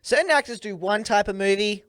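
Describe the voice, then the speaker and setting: A young Australian man chats on a podcast in an easygoing, slangy way and agrees readily with his co-host. His voice is fairly high. The recording is dry and close. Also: brisk, fairly bright tone, no echo. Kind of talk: casual movie chat.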